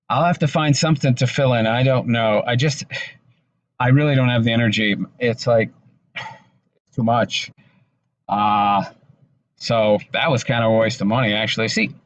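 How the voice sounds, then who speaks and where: An exhausted man recording a personal vlog monologue, talking in a halting, subdued way with many restarts. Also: medium pitch, no echo, dull audio. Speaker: vlogger. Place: in his car.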